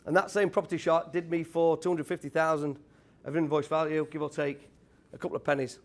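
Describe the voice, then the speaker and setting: A British man in his thirties, a former tradesman giving an energetic motivational talk to a live audience and quizzing the crowd. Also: a little high, a little fast. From United Kingdom. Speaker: speaker at a property event.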